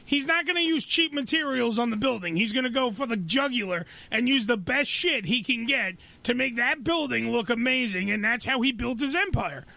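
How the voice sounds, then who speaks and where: A man's voice: extremely high pitch, lively intonation, moderate pace, vocal fry, hardly any pauses, bright, forceful tone, no echo. A man hosting a radio show, joking, swearing and laughing often in casual banter on a studio mic.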